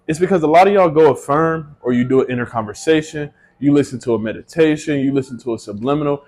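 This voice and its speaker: Profane, joking man talking to camera. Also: a little high. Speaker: manifestation vlogger. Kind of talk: casual monologue to camera. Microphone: small personal mic.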